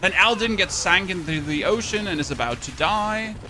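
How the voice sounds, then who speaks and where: A man's voice: high-pitched, expressive, a little fast, sharp tone, a little hiss or hum. A man with a German accent chatting casually to his live-stream audience while he plays, rambling, swearing and laughing at himself. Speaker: game streamer.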